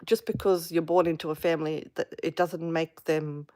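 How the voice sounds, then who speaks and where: A woman speaking frankly in a casual live personal vlog, halting with many fillers and restarts as she vents. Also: low voice, flat delivery, darkish tone, no echo, clean studio sound. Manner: frank, venting. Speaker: vlogger on a live stream.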